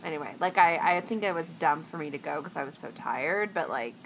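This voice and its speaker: A woman co-hosting a casual podcast with a lowish, lively voice that trails off into quiet asides. She rambles with many fillers and restarts. Faint room ambience sits behind her. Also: a little fast, a little hiss or hum. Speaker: podcast co-host. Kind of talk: casual chat.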